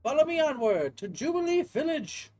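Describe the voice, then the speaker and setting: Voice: high-pitched, sing-song, moderate pace, darkish tone, soft background music, pitched above the performer's own voice. A player reads game dialogue aloud in a put-on voice as a genteel, chatty male professor with polite old-fashioned phrasing. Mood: enthusiastic. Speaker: gaming video creator.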